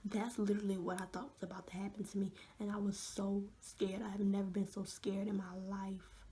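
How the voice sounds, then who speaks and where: A young woman vlogger telling an animated story with many fillers, often dropping to a hush. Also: medium pitch, a little fast. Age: young adult. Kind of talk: storytime vlog.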